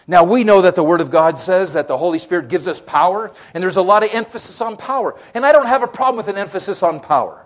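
A man preaching a sermon as pastor, swinging between quiet, low passages and loud, rising calls, often asking the congregation questions. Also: animated, fast, few pauses.

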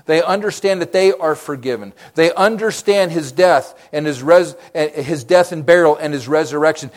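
High-voiced man preaching a sermon. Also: normal speed, hardly any pauses. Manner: preaching, swinging from quiet to loud; asks the congregation questions. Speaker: pastor.

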